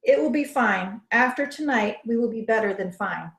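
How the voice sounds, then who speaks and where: A woman's voice: a little high, expressive, moderate pace. A woman reading the lines of a determined young witch who speaks to her lover in a reassuring, guarded way. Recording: roomy echo.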